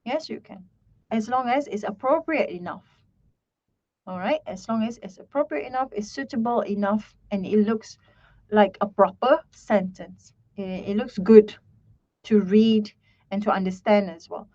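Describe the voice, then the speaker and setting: Slow-talking woman teaching grammar. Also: mid-range voice, darkish tone, dull audio. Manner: slow, repetitive, checks in with "right?" and "okay". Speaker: English teacher. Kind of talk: online grammar lesson.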